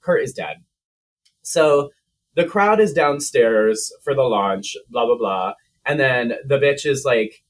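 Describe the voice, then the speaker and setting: Brief: male podcast co-host, husky tone, casual profane plot recap. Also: medium pitch, lively intonation, measured pace. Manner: profane, chatty, lots of "like".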